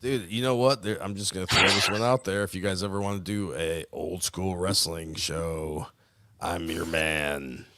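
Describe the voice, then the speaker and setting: A man's voice: sits low, fairly even intonation, moderate pace, heavy background noise. A man chatting casually as co-host, rambling, swearing and trailing off mid-thought. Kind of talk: casual chat.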